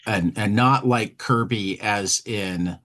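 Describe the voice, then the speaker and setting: A man's voice: lowish voice, slow pace, fairly bright tone. A man co-hosting a comics podcast, speaking in an easygoing, hesitant way with restarts. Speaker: podcast co-host. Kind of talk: casual podcast chat.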